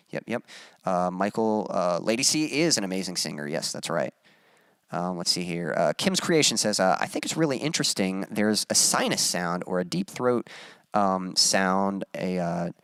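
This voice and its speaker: A man's voice: fairly low pitch, fairly bright tone, clean tone, no echo, studio quality. A young adult man, a musician, chatting casually on a live stream, reading viewer comments and rambling with many fillers and restarts.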